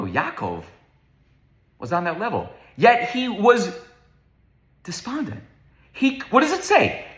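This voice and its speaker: An emphatic man lectures on Torah themes, asking question after question. His voice is higher than most men's and swings widely in pitch. It rings through a roomy, echoing space. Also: pushed and bright. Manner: emphatic, rhetorical questions, repeats words. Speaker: Torah teacher. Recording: roomy echo.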